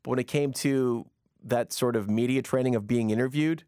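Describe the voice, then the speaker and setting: A man co-hosting a radio podcast, telling stories in a casual, animated way and acting out other people's voices. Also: mid-range voice, moderate pace, smooth, dry recording, clean studio sound. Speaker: radio co-host.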